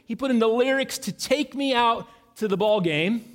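A man preaching as pastor, earnest and halting, with many fillers and restarts. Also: extremely high pitch. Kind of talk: sermon. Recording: long reverb in a large hall.

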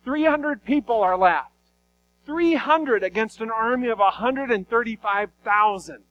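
A man preaching a sermon, retelling Bible stories in an animated, conversational way. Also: very high-pitched, a little slow, dull audio. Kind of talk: sermon storytelling.

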